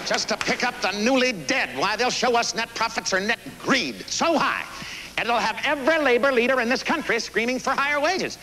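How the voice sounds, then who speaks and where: An actor playing a blunt, folksy older American president with a Missouri accent, performing live on stage. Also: male voice, very high-pitched, lively intonation, normal speed, music in the background, poor audio. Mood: fiery. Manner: folksy, salty, emphatic. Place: theater stage.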